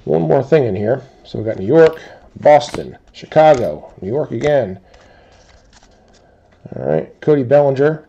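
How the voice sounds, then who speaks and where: A man hosts a card break and reads each team and player aloud in an even, listing way. His voice is low and dark with a gravelly edge, and he takes his time. Pitch sits in the middle. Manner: steady rapid-fire listing of teams and players. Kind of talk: calling out cards in a box break.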